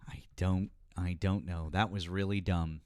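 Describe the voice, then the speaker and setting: A man's voice: low-pitched, fairly even intonation, a little slow, a little mellow, dry recording, studio quality. A man hosting a live political stream, talking bluntly and casually with lots of swearing and filler words. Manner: blunt, profane, rambling with fillers. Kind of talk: casual political chat with callers.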